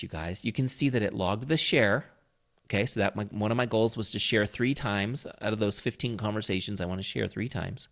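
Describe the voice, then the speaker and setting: A man with a fairly low voice talks viewers through a software tutorial, step by step. He coaches them patiently and keeps checking that they are following along. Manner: coaching tone, frequent check-ins with the listener. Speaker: software trainer. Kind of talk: screen-share tutorial walkthrough.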